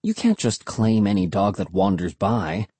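A man's voice: lowish voice, normal speed, warm tone, slightly rough, no room sound. A man voicing a cautious, practical mother who speaks in a firm, warning way.

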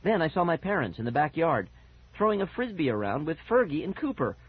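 A man narrating a first-person children's story with lively, animated expression. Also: fairly high pitch, a little fast, slightly rough. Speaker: audiobook narrator. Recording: dull lo-fi audiobook recording.

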